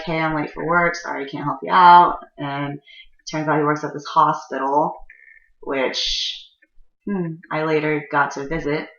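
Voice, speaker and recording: Woman storyteller, casual and foul-mouthed, rambling; low voice with a tense edge, slightly muffled roomy recording. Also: pushed and bright. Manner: profane, rambling, frequent fillers.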